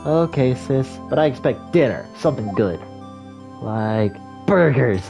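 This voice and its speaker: A man's voice: mid-range voice, lively intonation, measured pace, vocal fry, a little mellow, faint music behind. A man voicing a perky, playful teenage girl who is someone's younger sister, raising his voice a little for her.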